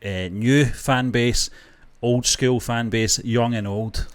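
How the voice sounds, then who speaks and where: A man's voice: medium pitch, steady tone, takes it slowly, smooth. A man co-hosting a casual TV reaction chat, rambling and hesitant with frequent restarts. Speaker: co-host.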